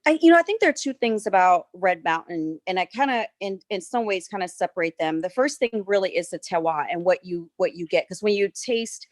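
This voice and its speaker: A woman from South Carolina with a Southern accent, a winery owner chatting through a virtual tour with relaxed, friendly storytelling. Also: fairly low pitch, fairly quick, hardly any pauses, no echo. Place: winery tasting room.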